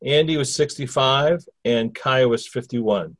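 Hosting a casual interview with a spirit through a medium, this man speaks in a mid-range, unhurried voice. His questions are long and wandering, full of restarts.

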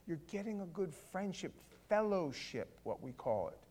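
A man pastor giving a conversational sermon with stammering restarts, swelling into loud fervor. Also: high-pitched, sing-song, moderate pace, husky.

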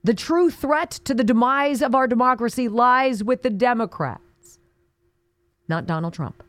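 A woman's voice: a little high, a little slow, a bit bright, no echo. A woman hosting a talk radio show, delivering an indignant, sarcastic monologue with mocking asides.

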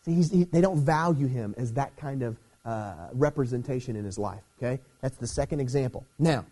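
A man delivers a sermon in a relaxed, conversational style and often checks in with a quick "okay?". His voice sits at an ordinary middle pitch and has a warm, mellow tone. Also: slightly rough. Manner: conversational preaching with frequent "okay?" check-ins. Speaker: pastor.

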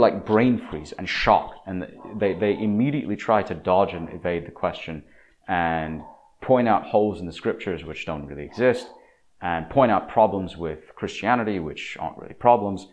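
A man with a deep, low-pitched voice talks at length in an opinionated monologue. His delivery is emphatic and preachy. He often stumbles, restarts and repeats words as he pushes his point.

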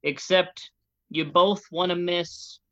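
A woman's voice: fairly low pitch, fairly even intonation, takes it slowly, fairly bright tone. A woman playing an eager male board game expert who rambles enthusiastically and jumps from idea to idea, heard on a dull, lo-fi recording. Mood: enthusiastic.

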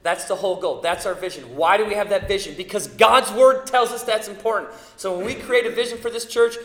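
A middle-aged man, a pastor, preaching a sermon with emphatic build-ups to loud peaks on key words. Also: high-pitched, brisk. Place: church sanctuary. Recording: echoey hall reverb.

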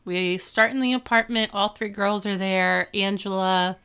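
A woman co-hosting a chatty podcast, recapping an episode scene by scene. Her voice is smooth and clear at a middle pitch. She tells it animatedly and groans in disgust. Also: fairly even intonation, unhurried, a bit bright. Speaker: podcast co-host. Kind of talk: casual chat recapping a TV episode.

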